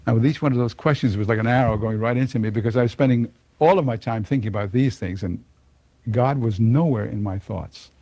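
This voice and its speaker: A man's voice: mid-range voice, fast, mellow, dry recording. An older man telling a personal conversion story to an audience, folksy and chuckling often. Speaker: speaker giving a personal testimony.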